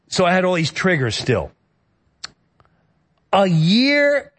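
Man, middle-aged, fairly high voice, earnest halting storyteller. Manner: earnest, emotional, halting with many restarts. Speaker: guest. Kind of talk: personal storytelling in a conversation.

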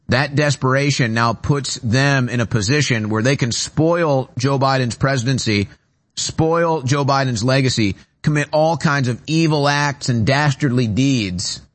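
A man's voice: mid-range voice, fairly bright tone. Urgent man ranting on a talk show. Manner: emphatic, repetitive, urgent ranting. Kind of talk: political commentary monologue. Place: radio studio.

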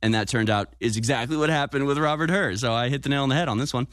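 A male talk radio host delivers combative, sarcastic commentary at a middle pitch. He often congratulates himself as he goes. The studio sound is close and dry. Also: fast, fairly bright tone, no echo.

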